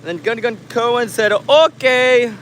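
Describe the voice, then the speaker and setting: High-voiced joking American livestream host. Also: male voice, measured pace, a bit bright, a little hiss or hum. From United States. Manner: jokey, laughs often, reads comments aloud. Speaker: livestream host reading chat. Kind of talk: casual live chat. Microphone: handheld camera mic.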